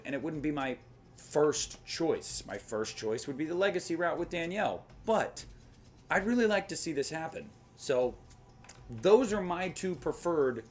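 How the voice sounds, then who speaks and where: A young man giving opinionated, emphatic commentary on a horror film franchise, with jokey asides. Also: mid-range voice. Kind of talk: opinionated casual monologue.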